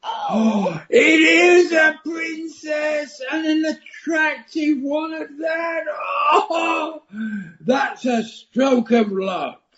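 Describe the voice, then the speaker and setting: A woman's voice: medium pitch, expressive, takes it slowly, darkish tone. A woman voicing a young male frog prince in an amateur radio play, theatrical and pleading. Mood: hopeful. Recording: slightly muffled radio play recording.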